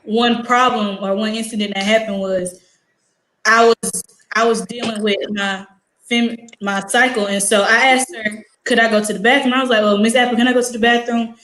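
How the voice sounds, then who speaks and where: Teen girl telling a story, animated. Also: a little high, moderate pace, roomy sound, rough recording. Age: teens. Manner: animated, acts out quoted dialogue, many "like" fillers. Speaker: high school student guest. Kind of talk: casual storytelling.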